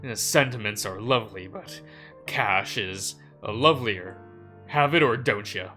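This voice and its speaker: A man's voice: lowish voice, unhurried, pushed and bright, soft background music. A man voicing a brash young gambler who talks in a cocky, teasing way.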